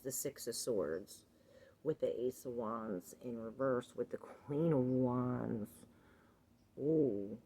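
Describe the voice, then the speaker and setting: A woman's voice: very deep voice, slight background noise. A woman doing a tarot reading for viewers, chatting casually and thinking aloud between cards. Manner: rambling, thinking aloud with fillers and laughs. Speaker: tarot reader.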